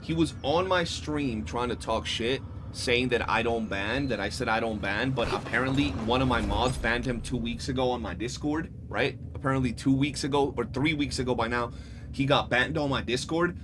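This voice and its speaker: A man streaming live, telling stories in a casual, animated and profane way. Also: medium pitch, moderate pace, background noise. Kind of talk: casual livestream chat.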